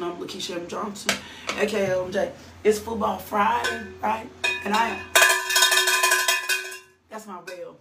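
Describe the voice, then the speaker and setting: A woman hosting a devotional, preaching fervently with bursts of shouted praise and laughter. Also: mid-range voice, very noisy. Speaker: devotional host. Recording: echoey room, mic at a distance.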